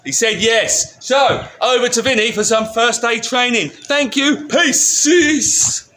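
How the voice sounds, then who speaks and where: A man's voice: extremely high pitch, normal speed, pushed and bright. A man hosting a company vlog, talking in a playful, jokey way and repeating lines for laughs. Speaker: company video host.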